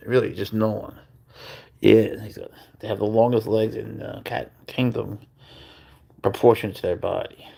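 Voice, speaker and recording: A man's voice: lowish voice, vocal fry, husky. A man hosting a casual livestream, cooing to his pet cat and reading out viewer comments. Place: at home.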